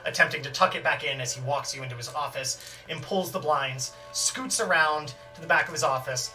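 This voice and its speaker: A man's voice: on the high side, a little fast, sharp tone, recorded from a distance, faint music behind. A man running a tabletop game as game master, narrating in a rambling way with many fillers.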